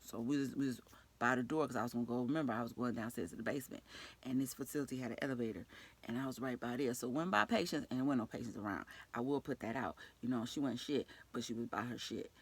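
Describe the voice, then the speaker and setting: A woman with a New York accent, a nurse telling an animated, profane story from work with frequent laughter. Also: very deep voice, fast, husky. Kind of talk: storytime vlog.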